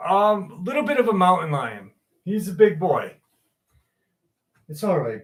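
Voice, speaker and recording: Slow-talking man hosting a home livestream. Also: high-pitched, big pitch swings, low-quality recording. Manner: rambling, loose, with fillers and swearing. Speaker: livestream host. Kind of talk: casual livestream chat answering viewers. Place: room at home.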